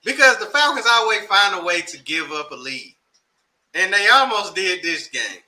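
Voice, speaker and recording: A man's voice: high voice, big pitch swings, normal speed, sharp tone, poor audio. A laid-back man co-hosting a sports picks show, using slang and reading off game stats. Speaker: co-host. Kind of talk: casual sports chat.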